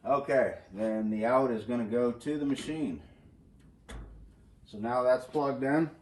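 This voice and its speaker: A man's voice: mid-range voice, measured pace. A man hosting a casual DIY vlog, talking to himself as he works with tools in a cold home garage. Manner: relaxed, talking to himself while working with tools. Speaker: channel host. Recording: roomy garage echo, faint noise.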